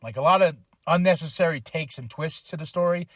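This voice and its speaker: A man's voice: fairly high pitch, brisk, a bit bright, no echo, clean studio sound. A man hosting a podcast, casually retelling a film plot in a slangy, rambling way full of fillers. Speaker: podcast host. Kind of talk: casual movie review recap.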